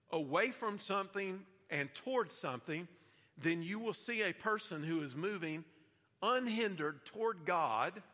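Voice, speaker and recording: Man, pastor, sermon, bright forceful tone, measured delivery. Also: on the high side, in a large hall. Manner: measured preaching, reading scripture aloud. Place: church hall.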